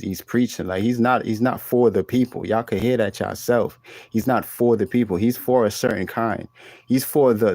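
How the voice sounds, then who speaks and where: A man reacting to clips in a loose, blunt, profane ramble, often restarting his sentences. His voice is low and mellow, recorded close and dry with no room sound. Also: dry recording. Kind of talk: casual reaction commentary.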